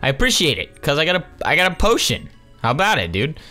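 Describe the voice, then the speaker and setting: A man's voice: on the high side, huge pitch swings, fast talker, sharp tone, soft background music. A young man casually commentating a video game, slangy and jokey, with sarcastic asides. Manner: slangy, jokey, sarcastic, calls everyone dude. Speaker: gaming channel host. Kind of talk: casual let's-play commentary.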